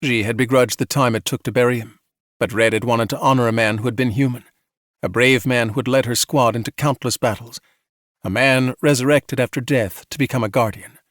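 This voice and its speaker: A man narrating a bedtime sci-fi audiobook in a soft, measured, soothing way, with a mid-range voice. The recording is dry and close on a studio mic. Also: medium pitch, steady tone, dry recording.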